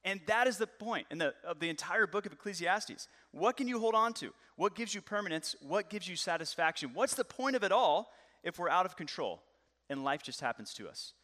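A man in his thirties, a pastor preaching a lively, joking, conversational sermon. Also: high-pitched, fairly quick. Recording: long hall reverb.

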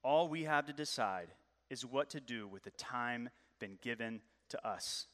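A man voicing an old, wise male wizard who speaks slowly, low and solemn. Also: fairly bright tone, close to an everyday voice. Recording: long hall reverb.

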